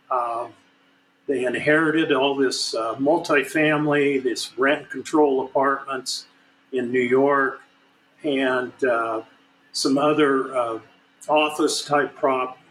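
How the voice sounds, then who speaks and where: A man in his sixties, a guest banking expert, explaining at a measured pace with many fillers and restarts on a podcast. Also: medium pitch, fairly bright tone, slight background noise, rough recording. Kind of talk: podcast discussion.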